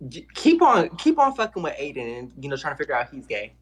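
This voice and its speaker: A woman's voice: sits low, wildly swooping pitch, quick pace, a crowd in the background. A woman in her twenties guesting on a casual stream chat, sassy, playful and blunt. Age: 20s.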